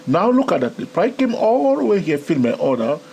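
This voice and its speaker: A man with a non-native English accent teaching a live trading tutorial, animated and chatty, often checking in with "okay?" and "my friend". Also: sits high, brisk, creaky, a little hiss or hum. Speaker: trading educator.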